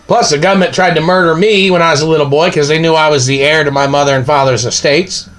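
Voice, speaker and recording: A man's voice: on the high side, fairly even intonation, quick pace, a bit bright. A man delivering an angry, accusing monologue, ranting and firing off repeated questions.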